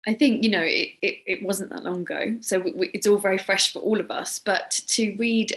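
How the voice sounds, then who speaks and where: A woman's voice: mid-range voice, fairly even intonation, a little fast. A woman interviewing a guest, speaking in an earnest, reflective way. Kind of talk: interview conversation.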